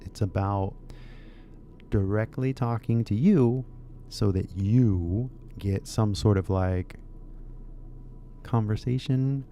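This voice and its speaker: A man from California with a Californian accent, musing in a relaxed, rambling way while giving an English lesson. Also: on the low side, slight background noise. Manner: laid-back, musing, drawn-out phrases. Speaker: English teacher. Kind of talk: casual rambling video lesson.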